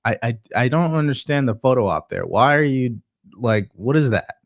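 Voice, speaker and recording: A man hosting casual political commentary, talking slowly with lots of fillers and a sarcastic edge. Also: medium pitch, dry recording, studio quality. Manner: slow, hesitant with many fillers, sarcastic.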